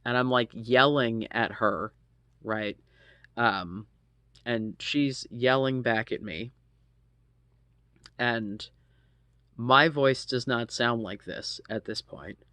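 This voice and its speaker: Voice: mid-range voice, slow pace, long pauses, sharp tone, no echo. An adult in their thirties casually telling a personal story, rambling with lots of ums and asides and swearing freely.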